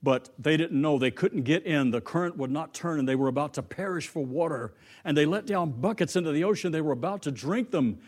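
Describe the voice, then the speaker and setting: A man's voice: on the high side, brisk, few pauses, a little mellow. A man preaching a sermon, telling a story and lifting his voice for the quoted lines.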